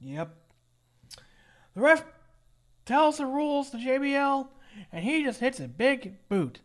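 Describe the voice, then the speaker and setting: A man's voice: very high voice, slow pace. A man co-hosting a casual podcast, wryly recapping a wrestling show. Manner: wry, joking, lively. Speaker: podcast co-host.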